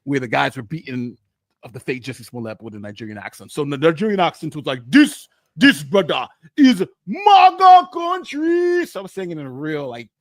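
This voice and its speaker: A man's voice: medium pitch, fast talker, no room sound. A man co-hosting a casual live stream, boastful and rambling, often repeating himself. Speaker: co-host.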